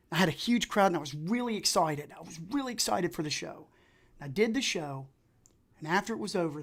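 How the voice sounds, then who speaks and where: Energetic guy running his own livestream, casual and chatty, loves a story. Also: high-pitched. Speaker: livestream host.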